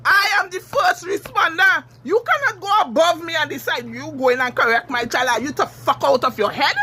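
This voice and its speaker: A Trinidadian woman giving a heated, cursing social media rant, furious and shouting at times. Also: high voice, brisk, few pauses, slight background noise. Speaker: TikTok commenter.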